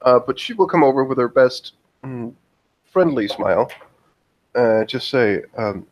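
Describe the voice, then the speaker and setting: Slow, hesitant male game player. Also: mid-range voice, animated, lo-fi sound. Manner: hesitant, many fillers. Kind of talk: narrating his character's actions in a tabletop game.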